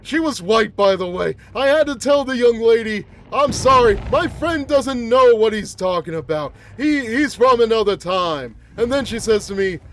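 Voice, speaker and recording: A man's voice: very high voice, lively intonation, normal speed, few pauses, fairly bright tone, a little hiss or hum, full character voice. A man voicing a cranky, rambling old man who is a mutated flower-headed monster, grumbling and groaning as he complains. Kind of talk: gameplay roleplay commentary.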